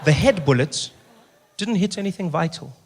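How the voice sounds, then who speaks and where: A man from Africa, telling an animated stand-up story and acting out scenes. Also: on the high side, normal speed, noisy background. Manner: animated, acts out scenes, rising outbursts. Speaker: stand-up comedian.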